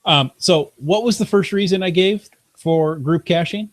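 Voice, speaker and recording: A man co-hosting a casual podcast, relaxed and joking as he leads the topic. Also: high voice, a little slow, no room sound. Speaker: podcast co-host.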